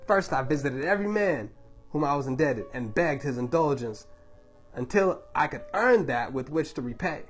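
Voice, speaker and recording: A man reading a book aloud to his baby, telling the story in a measured, dramatic way. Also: on the high side, lively intonation, soft background music.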